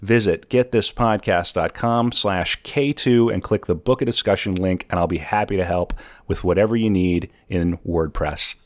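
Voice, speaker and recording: A man's voice: deep voice, normal speed, dry recording. A man hosting a podcast, chatting casually and laughing easily, recorded in a home setting. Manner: laughs often, easygoing. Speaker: podcast host. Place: home in a city apartment.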